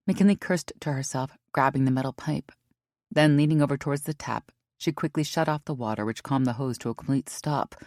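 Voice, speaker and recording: A woman narrating an audiobook in a measured, even way. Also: rumbling low, no echo, studio quality.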